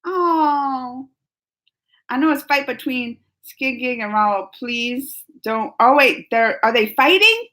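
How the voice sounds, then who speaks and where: A woman's voice: on the high side, animated, unhurried, few pauses, pushed and bright. A woman hosting a casual live stream, chatting and giggling as she reads viewer comments aloud. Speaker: YouTube reaction host.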